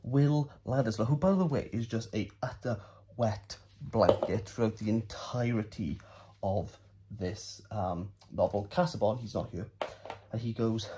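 A man's voice: lowish voice, a little slow, background noise. A man giving a comic, rambling book recap as a vlogger. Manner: rambling, playful, silly asides.

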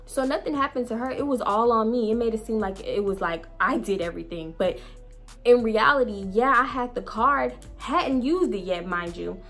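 A young woman vlogger telling a storytime tale in a blunt, profane, animated way, with faint music behind her. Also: a little high, moderate pace. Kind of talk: storytime vlog.

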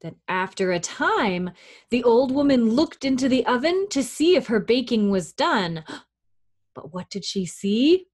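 Slow, lively children's librarian woman. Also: on the high side, slightly rough. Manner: gentle, encouraging, speaking to young children. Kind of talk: children's storytime reading.

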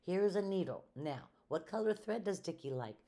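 Woman reader playing a storybook housekeeper: literal-minded, cheerful, matter-of-fact, mellow tone. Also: lowish voice, animated, moderate pace, pitched above the performer's own voice. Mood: earnest.

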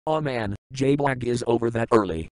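A male text-to-speech voice playing a brash show host who gives stiff, loud robotic introductions. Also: mid-range voice, normal speed, music in the background, natural voice.

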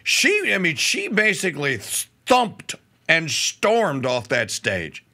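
Man, radio host, gravelly, bright tone, lively pitch, stammering restarts. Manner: animated, stammering restarts, quick pitch jumps. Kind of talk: casual political talk radio.

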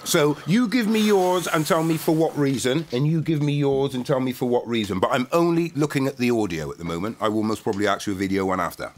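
A man guest-hosting a casual podcast chat, telling stories and acting out what people said in high voices. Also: fast talker, hardly any pauses, slight background noise. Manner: animated storyteller, acts out quotes in high voices. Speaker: guest host interviewing.

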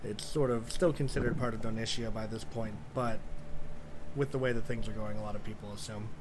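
A man narrating a tabletop game as game master in a relaxed, casual way. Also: fairly low pitch, a little fast, noisy background.

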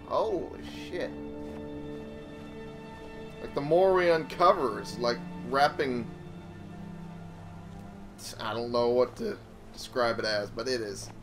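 Young guy narrating his gameplay, slow and chatty, cusses a lot, game music going. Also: mid-range voice. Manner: chatty, swears freely, thinks aloud. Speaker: let's play host. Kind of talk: casual gameplay commentary.

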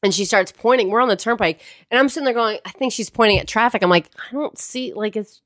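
A woman co-hosting a casual podcast chat, chatty, quick with jokes and often laughing. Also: a little high, fairly bright tone, no echo, studio quality. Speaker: podcast co-host.

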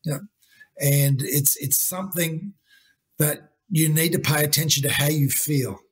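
A man's voice: a little high, a little slow, breathy edge. A man, a guest coach talking earnestly in an interview, often saying "you know" and "mate". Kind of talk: conversational interview talk.

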